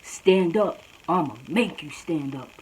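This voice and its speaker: A woman's voice: low-pitched, animated, unhurried, a little hiss or hum, low-quality recording. A woman voicing a tiny, aggressive schoolgirl who barks threats and orders in a story vlog. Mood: threatening. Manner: bossy, threatening, shouting orders.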